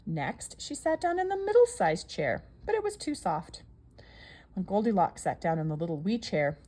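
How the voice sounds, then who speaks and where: A woman reading a children's story aloud in an expressive, sing-song storybook manner. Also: a little high, husky.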